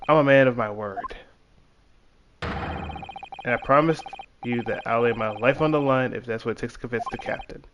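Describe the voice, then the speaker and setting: A man's voice: mid-range voice, normal speed, pauses often, background noise, lightly acted. A man reading the lines of a dutiful male inspector guarding a ship cabin, in his plain voice. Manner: reads game text aloud in a plain voice. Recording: game music playing behind.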